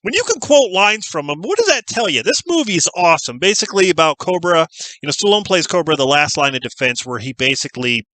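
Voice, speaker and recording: A man's voice: fairly high pitch, very animated, fast talker, sharp tone, no echo. A man chatting casually and enthusiastically about movies he watched, with lots of fillers. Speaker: movie collector vlogger. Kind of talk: casual chat.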